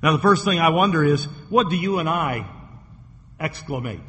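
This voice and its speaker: A man preaching a sermon in an earnest way, reading verses slowly and often restarting his sentences. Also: fairly high pitch, lively intonation, bright, forceful tone. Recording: echoey hall.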